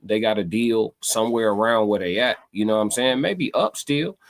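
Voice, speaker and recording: A man's voice: fairly low pitch, moderate pace. A man hosting a live stream, talking casually to his chat in a loose, meandering way, repeating himself and searching for words. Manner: loose and meandering, many fillers and repeated phrases.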